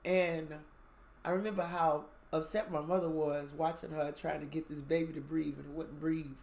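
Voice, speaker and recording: A woman sharing a candid spiritual reflection, telling her story emphatically with sudden bursts of loudness. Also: deep voice, fairly even intonation, moderate pace, creaky. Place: outdoors.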